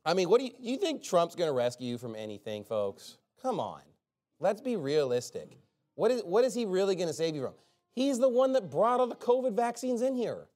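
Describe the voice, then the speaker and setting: A man's voice: high-pitched, very animated, a little fast, darkish tone. Sarcastic preacher man with a raised voice. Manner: sarcastic, rambling, with joking asides. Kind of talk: informal sermon.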